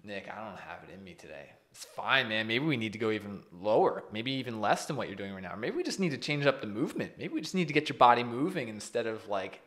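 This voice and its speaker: A man co-hosting a fitness podcast, chatting in an animated, self-deprecating way. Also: medium pitch, fast, few pauses. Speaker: podcast co-host, fitness coach. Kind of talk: casual podcast chat.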